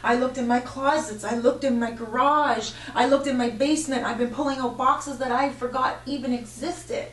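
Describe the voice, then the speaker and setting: A woman's voice: high voice, steady tone, close to an everyday voice. Woman putting on a frantic, upset client. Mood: upset pleading. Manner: rushed, pleading, piling up details. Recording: echoey room, voice from far off.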